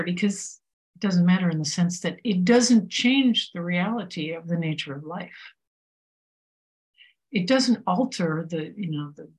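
A woman giving a reflective spiritual talk, unhurried and full of pauses and fillers. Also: on the low side, a little mellow, poor audio. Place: Paris.

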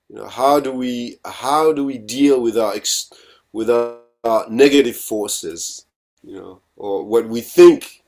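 A man's voice: medium pitch, a little mellow. A man leading a group discussion, reflective and questioning. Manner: thoughtful, questioning. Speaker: group facilitator.

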